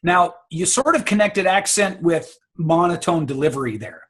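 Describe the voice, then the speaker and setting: Male speaking coach, emphatic, slightly higher voice, on a call. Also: lively intonation, normal speed. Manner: confident, emphatic, repeats words. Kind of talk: casual advice on a video call.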